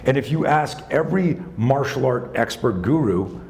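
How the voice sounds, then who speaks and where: A man in his sixties, a self-defense instructor telling a story in a live talk, animated, conversational and profane. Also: medium pitch, moderate pace, gravelly, slight background noise. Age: 60s.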